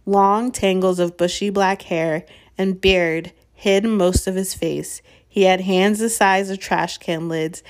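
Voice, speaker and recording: A woman reading a children's fantasy chapter aloud in a calm, steady narration. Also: fairly low pitch. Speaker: reader. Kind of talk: audiobook reading.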